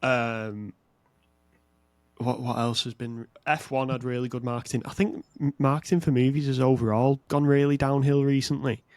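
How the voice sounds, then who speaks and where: A man co-hosting a podcast in casual chat, talking in a measured, thoughtful way with small hesitations. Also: medium pitch, steady tone, darkish tone, no echo. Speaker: podcast co-host.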